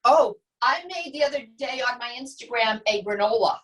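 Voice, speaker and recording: High-voiced woman showing a recipe. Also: moderate pace, recorded from a distance, low-quality recording. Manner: relaxed, explains step by step with many asides. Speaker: guest. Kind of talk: casual cooking demo chat.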